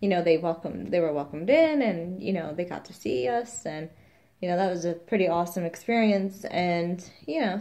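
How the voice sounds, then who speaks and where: A woman's voice: fairly low pitch, mellow. A woman, a new mother, chatting casually in a rambling vlog, quoting the people around her.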